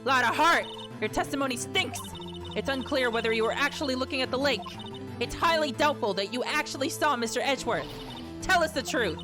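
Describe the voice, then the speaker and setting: A woman's voice: high-pitched, lively intonation, brisk, music in the background. A woman voicing an earnest, fired-up young male defense lawyer with an urgent, emphatic delivery.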